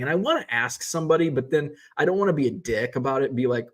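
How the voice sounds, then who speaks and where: A man's voice: on the high side, expressive, fast talker, hardly any pauses. A man hosting a vlog, talking casually from his car, rambling and swearing freely as he complains. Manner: rambling, profane, exasperated ranting. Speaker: vlog host.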